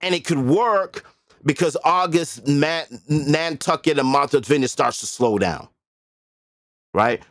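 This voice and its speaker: A man's voice: fairly high pitch, unhurried, fairly bright tone, no echo, studio quality. A man hosting a livestream, talking casually and bluntly with profanity and emphatic repetition. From Boston area. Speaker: livestream host.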